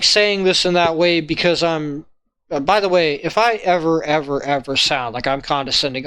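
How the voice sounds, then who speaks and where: A man walking viewers through a logic lesson in a halting way, often checking in with "right?" and "okay?". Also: on the high side, pushed and bright, clear, resonant tone, dry recording. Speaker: logic tutor. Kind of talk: informal lesson walkthrough.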